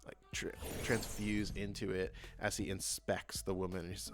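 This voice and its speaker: A man narrating a tabletop game as game master, in an animated way with lots of fillers. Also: low voice, moderate pace, hardly any pauses, faint music behind. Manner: animated, laughing, filler-heavy.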